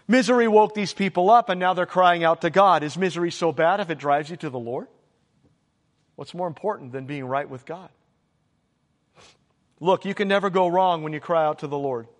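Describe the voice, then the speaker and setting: A man preaching a sermon, emphatic and repeating his exhortations. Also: sits high. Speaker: pastor. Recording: long hall reverb.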